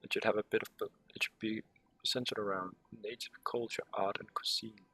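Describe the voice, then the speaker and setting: Man, low and a bit husky, casual sarcastic gameplay commentary at his desk. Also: steady tone, fairly quick, sharp tone, faint music behind. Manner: muttering, sarcastic asides, swearing. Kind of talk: casual gameplay commentary, reading on-screen text aloud.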